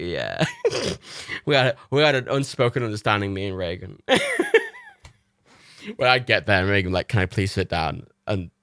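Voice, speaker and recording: Male streamer, slightly tipsy, loose and sweary; low-pitched, very animated delivery, dry room. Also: no echo. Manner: rambling, laughs often, swears freely. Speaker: livestream host. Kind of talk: casual chat.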